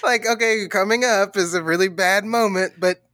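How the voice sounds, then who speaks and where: A man's voice: high voice, moderate pace, sharp tone, dry recording, clean studio sound. A man co-hosting a movie podcast in casual chat, rambling and laughing often. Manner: giggly, rambling, laughs a lot. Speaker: podcast co-host.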